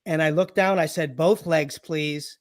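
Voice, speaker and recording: High-voiced joking man telling stories. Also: fairly even intonation, a little slow. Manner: jokey anecdotes, acts out patients' voices, laughs often. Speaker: guest, chiropractor and comedian. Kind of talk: storytelling interview.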